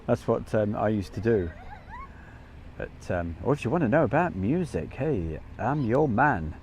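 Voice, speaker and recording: In casual live commentary, this Midlands-accented stream host rambles and pokes fun at himself. He sounds very animated yet a little slow, with a low-leaning, slightly mellow voice and a little hiss or hum in the audio.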